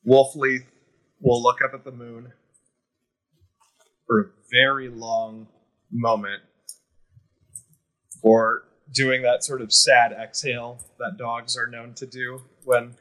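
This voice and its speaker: A man's voice: medium pitch, little pitch movement, slow pace, pauses often, a bit bright, rough recording. A man playing a tabletop role-playing game, describing his character's actions hesitantly and thoughtfully. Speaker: player.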